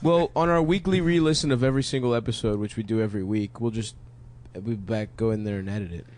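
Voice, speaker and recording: A man's voice: lowish voice, fast, a little mellow. A man co-hosting a comedy podcast, throwing in mock-outraged, profane jokes. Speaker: podcast co-host. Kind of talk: casual comedy banter.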